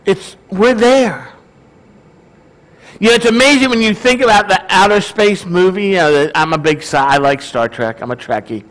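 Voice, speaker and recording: High-voiced male pastor preaching casually. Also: a little fast, hardly any pauses, fairly bright tone, low-quality recording. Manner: conversational, asks the congregation questions. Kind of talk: sermon.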